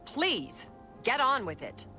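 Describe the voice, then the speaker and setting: A curt, bossy young orc noblewoman in a fantasy video game. Her voice rises and falls a lot as she drags her words out slowly. Faint game music plays behind her. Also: a little high, very animated, sharp tone, heavily acted. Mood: irritated. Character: impatient young female orc noble, rescued daughter. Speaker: game character.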